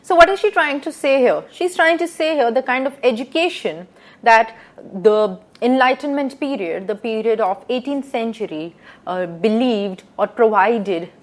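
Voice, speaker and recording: A woman lecturing to students, reading out quotations and explaining them with rhetorical questions and frequent pauses. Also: on the high side. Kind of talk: recorded lecture.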